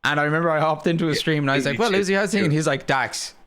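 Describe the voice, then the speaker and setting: This Irish man co-hosts a casual gaming stream in a relaxed, everyday voice. He swears freely and bursts out loudly when something surprises him. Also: fairly high pitch, rapid-fire, smooth. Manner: swears freely, loud excited outbursts. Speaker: streamer and co-host.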